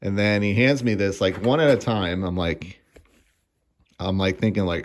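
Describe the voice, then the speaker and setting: A man's voice: lowish voice, normal speed. A man in his thirties giving a casual, sarcastic and profane food review, laughing often as he rants. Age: 30s.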